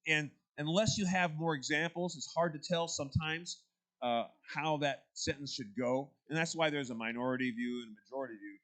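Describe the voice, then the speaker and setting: A man's voice: a little high, moderate pace, fairly bright tone. A man leading a church Bible study class, talking through the text in a conversational way and putting questions to the group.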